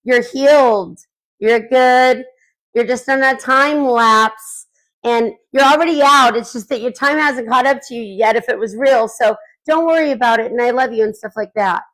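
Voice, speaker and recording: A woman's voice: on the high side, moderate pace, fairly bright tone, low-quality recording. A woman caller on a live stream, speaking casually and gushing with affection.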